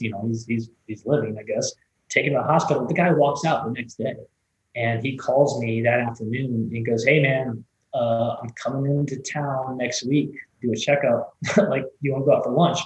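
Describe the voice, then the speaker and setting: A race director tells stories in a casual, rambling conversational interview, full of restarts and fillers. His voice is mid-range with a roomy sound. The recording is low quality.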